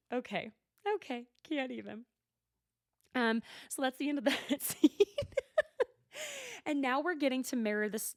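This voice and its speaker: A young adult woman hosting a solo TV recap podcast, gossipy and animated, swearing freely and laughing often. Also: high-pitched, no echo, studio quality. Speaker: podcast host. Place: lives at altitude, records at home.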